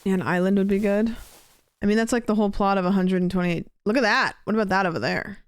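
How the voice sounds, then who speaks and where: A woman's voice: medium pitch, fairly even intonation, quick pace, clear, resonant tone, no echo. A young woman streaming a game, chatting with viewers in a rambling, casual way. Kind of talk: casual gameplay chat.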